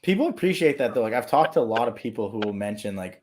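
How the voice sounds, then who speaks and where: A man in a casual podcast chat, agreeable and quick, often restarting his words. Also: on the low side, sing-song, a little mellow.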